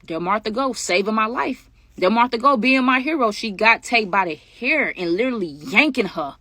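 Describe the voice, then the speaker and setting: A man telling a personal story to his viewers in a casual, animated, slangy way, often speaking straight to the audience. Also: high voice, moderate pace, dry recording. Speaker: storytime vlogger.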